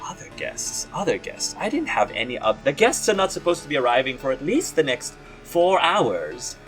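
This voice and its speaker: A man's voice: sing-song, slow pace, a bit bright, soft background music, heavily acted. A man doing a fluttery, pampered nobleman. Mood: fussy. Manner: flustered, gushing, high and fluttery. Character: pampered, fussy rich nobleman, middle-aged man.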